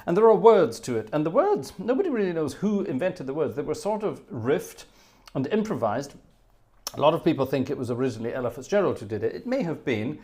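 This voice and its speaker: A man's voice: a little high, sing-song, a little fast, warm tone. An older man hosting an organ livestream, chatting casually between pieces in a rambling, self-deprecating way, chuckling and restarting as he tells a playful story. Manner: playful storyteller, puts on little voices.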